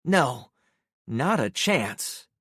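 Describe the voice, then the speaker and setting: A man voicing a frail, resigned old woman in a wheelchair, speaking in a gentle, folksy drawl. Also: medium pitch, sing-song, drawn-out words, slightly rough, no room sound, clean studio sound, pitched above the performer's own voice, exaggerated voice.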